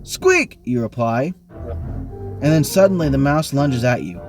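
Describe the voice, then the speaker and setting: Man hosting an online read-along game, average pitch, animated reading, faint music behind, suits a spooky kids' adventure. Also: moderate pace. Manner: animated reading, bursts of speed and pitch jumps. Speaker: game host reading the book. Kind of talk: reading a choose-your-own-adventure book aloud. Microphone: online voice call.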